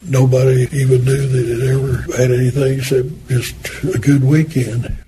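An older man recounting memories in an easy, folksy way, slipping into the voices of the people he quotes. His voice sits in a middle register. The recording carries a clear hiss of background noise underneath. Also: medium pitch, flat delivery, normal speed. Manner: folksy, anecdotal, acts out quoted dialogue. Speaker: interviewee recalling a former boss. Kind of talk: oral history storytelling.

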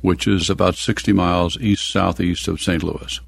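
A man's voice: sits low, little pitch movement, normal speed, creaky, husky, no echo, studio quality. An older man from the American Midwest telling stories from his youth in an oral history interview, chuckling now and then.

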